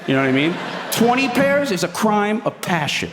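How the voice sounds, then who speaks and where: A man's voice: high-pitched, sing-song, normal speed, long reverb tail, background noise. A man doing stand-up storytelling on stage in a crude, rambling, profane way. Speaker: stand-up comedian. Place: comedy stage before an audience.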